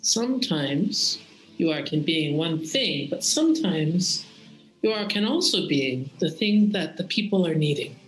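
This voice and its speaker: A game master voicing a warm, sourceless spirit presence that speaks in oddly broken, foreign-sounding phrases. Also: medium pitch, expressive, unhurried, soft background music, natural voice. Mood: mysterious. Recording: roomy echo.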